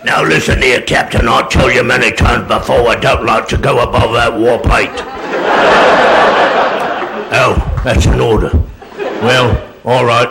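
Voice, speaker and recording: A man voicing a grumbling, reluctant male ship engineer in a low voice. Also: steady tone, measured pace, gravelly, pauses often, very noisy. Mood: grudging.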